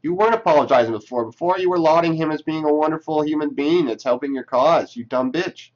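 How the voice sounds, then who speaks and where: Reading tweets out loud, a fast-talking man with a slightly high voice answers them with casual, sarcastic, profanity-laced remarks. The recording sounds muffled.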